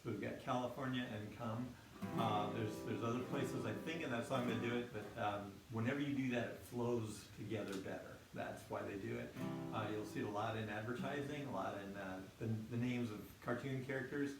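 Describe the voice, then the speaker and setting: A man gives a relaxed music lesson for children, speaking plainly and breaking into simple explanations with small fillers. His voice sits at a middle pitch and rings through a roomy space, set a bit back from the microphone. Loud instrument music plays behind him. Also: brisk, recorded from a distance. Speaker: music teacher. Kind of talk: teaching a kids' music class on video. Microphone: single microphone near his instrument.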